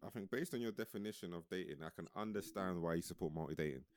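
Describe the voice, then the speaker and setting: A man's voice: deep voice, quick pace, smooth, dry recording, clean studio sound. A man co-hosting a casual debate, arguing his point and calling people "bro". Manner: argumentative, calls others "bro".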